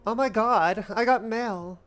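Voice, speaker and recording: Animated woman streamer, faint music. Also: fairly high pitch, unhurried. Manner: animated, swears, talks to chat. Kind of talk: casual gaming livestream.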